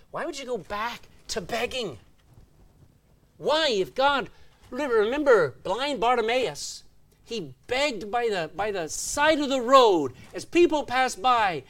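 Animated preacher man with a lively voice. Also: high voice, normal speed. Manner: animated, asks the congregation "Amen?" and reads scripture aloud. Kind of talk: sermon.

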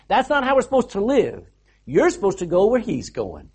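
A preacher delivering a sermon, the voice rising and falling with a very lively, expressive pitch. The delivery is casual and storytelling, with frequent rhetorical questions to the listeners. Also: normal speed, husky. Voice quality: animated storyteller, asks the congregation rhetorical questions.

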